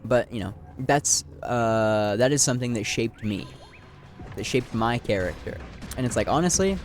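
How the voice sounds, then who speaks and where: Young man, mid-pitched, loose rambling musings with swearing, game music playing clearly behind him. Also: animated, moderate pace. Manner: rambling, filler-heavy, swears casually. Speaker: gaming video creator. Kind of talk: reflective talk over gameplay.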